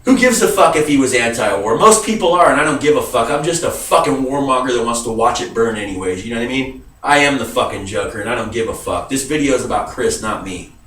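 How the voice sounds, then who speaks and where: A man's voice: mid-range voice, expressive, fast, fairly bright tone, recorded from a distance. Swearing, agitated man in a roomy space. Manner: heavy swearing, emphatic, calls viewers dude. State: grieving and agitated. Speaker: vlogger. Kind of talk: emotional rant to camera. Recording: roomy sound from away from the mic.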